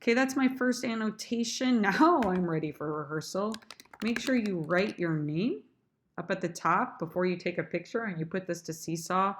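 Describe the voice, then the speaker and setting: A woman's voice: medium pitch, normal speed, a little hiss or hum. A woman drama teacher, chatty and addressing her students directly, talks through how she annotates and rehearses a sonnet. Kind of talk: screen-recorded lesson.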